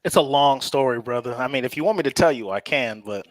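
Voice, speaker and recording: A man's voice: mid-range voice, lively intonation, fast talker, dry recording. A man co-hosting a casual sports chat, telling a personal story at an easy pace and laughing often. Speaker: co-host.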